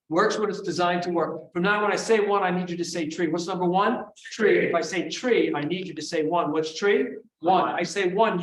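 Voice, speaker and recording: A man with a high, lively voice runs a memory seminar, firing questions at his audience and waiting for them to answer back. He sounds far from the mic in an echoey room. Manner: energetic, call-and-response with the audience. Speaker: memory trainer. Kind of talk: live seminar teaching. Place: large room before a live audience.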